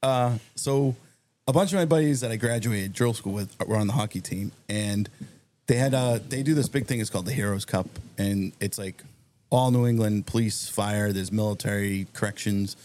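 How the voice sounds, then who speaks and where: A man telling a long, animated story on a podcast, acting out the other people in it. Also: lowish voice, moderate pace. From Massachusetts. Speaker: guest storyteller. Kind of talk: casual anecdote on a podcast.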